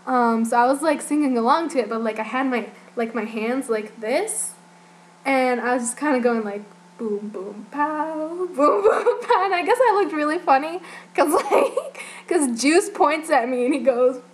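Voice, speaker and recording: A young woman recounts her day at a filming in a rambling, giggly vlog, stringing her thoughts together with constant fillers. Her voice sits a little high. A faint hiss runs under the recording. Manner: rambling, giggly, heavy use of "like". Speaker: fan vlogger. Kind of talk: casual recap vlog.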